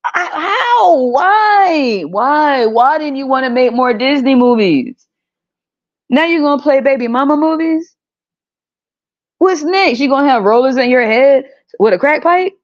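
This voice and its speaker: A woman's voice: high-pitched, moderate pace, dull audio. A woman hosting a podcast, ranting casually in a blunt, exasperated way and swearing freely. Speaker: podcast host.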